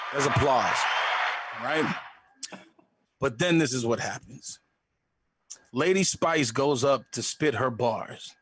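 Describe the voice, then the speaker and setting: Young guy comic telling a story, animated, kinda high voice, dry sound. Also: breathy edge, no echo. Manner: animated, acts out voices in a loud hype. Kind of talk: live storytelling.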